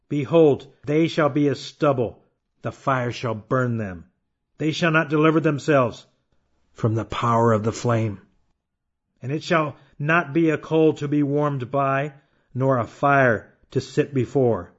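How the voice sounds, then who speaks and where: A man preaching a sermon emphatically, reading scripture slowly and firing off rhetorical questions. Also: medium pitch. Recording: dull lo-fi sound.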